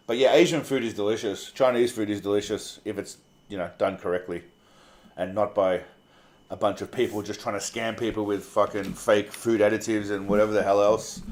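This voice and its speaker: An Australian man hosting a casual livestream, reading viewer comments aloud in a laid-back, chatty way, swearing freely and calling people mate. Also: on the low side. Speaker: livestream host.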